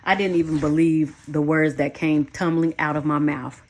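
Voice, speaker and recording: A woman's voice: low-pitched, fairly even intonation, normal speed, a little mellow. A woman narrating a first-person memoir audiobook in a frank, blunt way, swearing freely.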